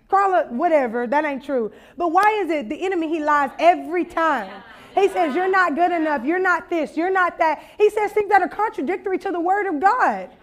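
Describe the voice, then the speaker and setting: High-voiced woman preaching with stories. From Louisiana. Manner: animated, laughing, acts out voices in anecdotes. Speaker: conference speaker. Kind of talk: storytelling sermon.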